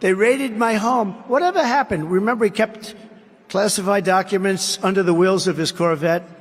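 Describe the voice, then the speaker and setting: A man's voice: sits high, normal speed, breathy edge. A man giving a campaign rally speech as a political candidate, emphatic and repetitive, with rambling asides. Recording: long hall reverb.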